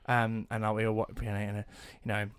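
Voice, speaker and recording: A young man co-hosting a casual podcast, rambling and restarting as he tells gaming stories, getting loud and laughing when excited. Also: fairly low pitch, brisk, clean tone, no room sound. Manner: rambling, self-correcting storyteller who gets loud and laughing when excited. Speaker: podcast co-host. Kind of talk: casual chat. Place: home studio, dry close mic. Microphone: close podcast mic.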